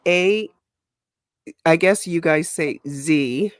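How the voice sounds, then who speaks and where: Low-voiced slow Canadian woman. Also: no room sound. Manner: dry, sarcastic, laughs easily. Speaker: guest. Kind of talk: casual chat. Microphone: video call.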